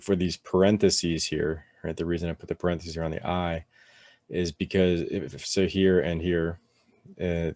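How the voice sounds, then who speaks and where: A man teaching a relaxed, casual lesson, with many fillers and "right?" tags as he explains step by step. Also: deep voice, no echo, clean studio sound. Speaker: Spanish teacher.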